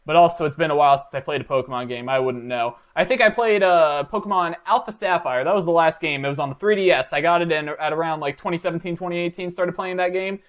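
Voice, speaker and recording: Rambling young man, slightly high voice. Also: quick pace, hardly any pauses. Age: young adult. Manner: rambling, hesitant, many fillers and restarts; mock-earnest, self-deprecating. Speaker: reaction video host. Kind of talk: comedic reaction commentary.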